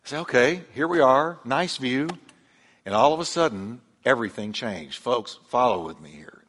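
A male pastor preaching a sermon, telling the story with lively emphasis and acting out the voices he quotes. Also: mid-range voice, moderate pace. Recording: long hall reverb.

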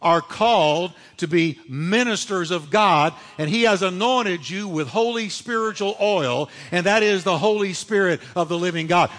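Man preaching a sermon, high voice, emphatic, repeats key words, long hall reverb. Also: normal speed, few pauses, fairly bright tone. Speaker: pastor.

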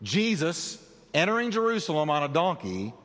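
A man preaching a sermon as pastor, with dramatic delivery that slows down for emphasis. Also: very animated, fairly bright tone, in a large hall. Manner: dramatic preaching with big swings in pitch and slowed emphasis.

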